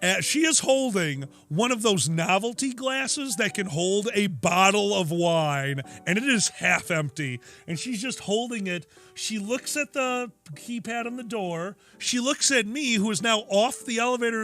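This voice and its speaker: A man's voice: high-pitched, a little slow, few pauses, soft background music. A man co-hosting a casual chat show, telling stories and acting out the people in them. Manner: animated, acts out quotes in voices. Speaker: podcast co-host.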